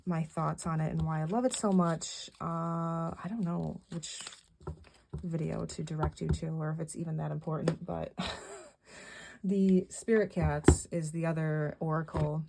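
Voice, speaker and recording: Low-voiced woman rambling through a vlog recap. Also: fairly even intonation, unhurried, vocal fry, dark tone, a little hiss or hum. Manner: rambling, with many fillers and restarts. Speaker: vlogger. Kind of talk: casual monthly recap vlog.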